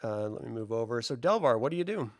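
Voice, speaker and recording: A man's voice: medium pitch, very animated, fast, no room sound, studio quality. A man narrating a tabletop game as game master, casual and chatty.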